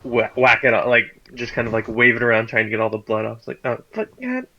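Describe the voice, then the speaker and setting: A man playing in a casual tabletop game, relaxed and joking around. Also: medium pitch, fast talker. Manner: relaxed, chuckling, loose joking. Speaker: player. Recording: dull lo-fi mic.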